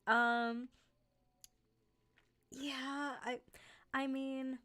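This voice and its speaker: A woman's voice: high voice, little pitch movement, extremely slow, bright, forceful tone. A woman talks casually with her viewers on a livestream, with a light New York accent. Her speech is loose and friendly and often filled with "like" and "um". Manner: chatty, many fillers like "like" and "um". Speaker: host of a horror narration channel.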